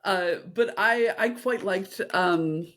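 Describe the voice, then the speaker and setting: A woman co-hosts a podcast in relaxed conversation. She is upbeat and agreeable. She keeps the talk moving between topics. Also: mid-range voice, takes it slowly. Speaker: podcast co-host. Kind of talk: casual chat.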